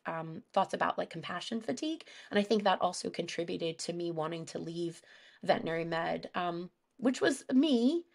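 A woman's voice: lowish voice, vocal fry. A woman, a guest animal behaviorist, talking candidly in a casual podcast conversation, telling stories with lots of fillers. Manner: candid, storytelling, many fillers.

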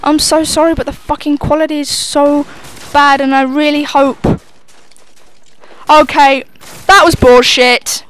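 With a high-pitched voice that barely moves in pitch, a young woman commentates her gameplay live at a slightly slow pace, cursing freely and mocking herself throughout.

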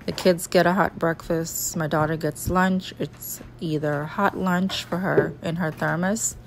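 A woman's voice: deep voice, a little hiss or hum. A woman in her thirties with a Jamaican accent, chatting casually through her morning kitchen routine as a vlogger. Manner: relaxed, chatty, explaining routine step by step. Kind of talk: casual vlog narration. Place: home kitchen.

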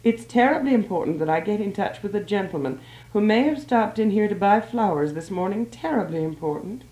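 A woman's voice: medium pitch, animated, fairly quick, mellow, voice pushed up, natural voice. A woman voicing an anxious young woman searching for her missing fiancé, pleading and urgent. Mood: eager. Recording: roomy old archive recording.

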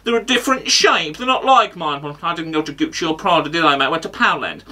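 A man's voice: on the high side, animated, fast, bright, forceful tone, distant mic, full character voice. A man voicing a brash, pompous male football pundit in a comedy impression sketch, full of mock bravado and insults.

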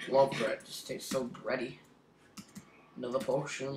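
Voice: medium pitch, moderate pace, a bit bright, roomy sound, a little hiss or hum, poor audio. A gameplay commentator in casual let's-play chatter, playful and teasing, muttering asides to the other players.

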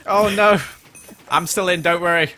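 A man hosting a gaming stream, lively and excitable as he plays with friends. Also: high voice, normal speed. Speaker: gamer, channel host. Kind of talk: casual gaming chat.

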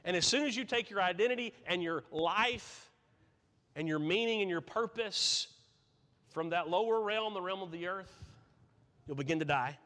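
Man, preacher, sermon, earnest, emphatic, high voice, church hall reverb. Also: normal speed, pushed and bright. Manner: earnest, questioning, builds to emphatic points. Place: church sanctuary.

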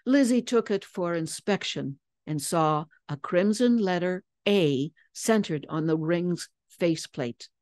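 A woman voice actor giving a measured, expressive dramatic reading of a story. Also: fairly low pitch, no room sound, clean studio sound.

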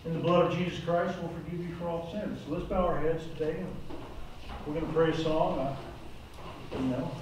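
A man's voice: a little high, fairly even intonation, moderate pace, noisy background. An older man preaching a sermon to a recovery program group, earnest and plain-spoken, rising to urgent exhortation. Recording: echoey room, voice from far off mic.

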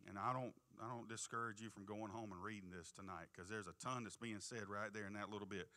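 A man preaching a sermon in church, reading scripture slowly and with emphasis and often asking the congregation "Amen?". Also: lowish voice, fairly even intonation, bright, forceful tone. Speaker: pastor. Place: church sanctuary.

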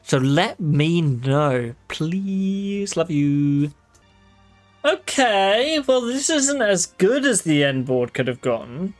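Male gaming creator, casual and dry, swears easily, voice sits a bit high. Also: very animated, slow pace, faint music behind. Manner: wry, swears freely, talks to viewers. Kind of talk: casual gameplay commentary.

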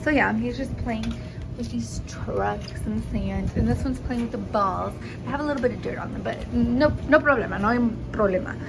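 A woman's voice: fairly high pitch, normal speed, vocal fry, noisy background. A young woman vlogging at home as a mom, chatting casually, cursing offhand and slipping Spanish words into her talk, filmed on her phone. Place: at home, indoors and in the yard. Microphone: phone camera.

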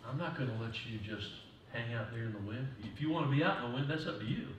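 A male pastor giving a sermon in a church, moving from quiet talk to loud preaching. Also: medium pitch, quick pace, slight background noise. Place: church sanctuary. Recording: distant mic in echoey church hall.

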